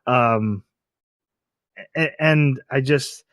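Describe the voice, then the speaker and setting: A man's voice: medium pitch, very slow, a bit bright, dry recording. A man co-hosting a podcast, talking in a critical, thoughtful way and often laughing. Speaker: podcast co-host. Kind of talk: casual discussion.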